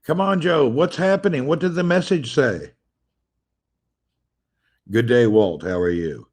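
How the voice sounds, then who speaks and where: A man's voice: mid-range voice, lively intonation, unhurried, pauses often, darkish tone. A man hosting a casual live-stream chat from home, greeting viewers by name, reading their comments aloud and teasing playfully. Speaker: livestream host. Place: at home with family nearby. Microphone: phone livestream.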